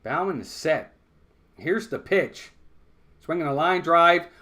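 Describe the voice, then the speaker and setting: A man calling a live baseball game play-by-play, conversational and quick to get worked up over big plays and errors. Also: fairly high pitch. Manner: conversational, excitable on big plays, blunt criticism. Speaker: fan play-by-play commentator.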